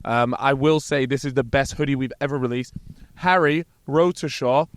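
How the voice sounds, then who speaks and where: A man's voice: medium pitch, fairly even intonation, moderate pace. A man co-hosting a podcast in casual chat, telling long rambling stories and swearing freely, recorded inside an RV. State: hungover. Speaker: podcast co-host. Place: inside a parked RV.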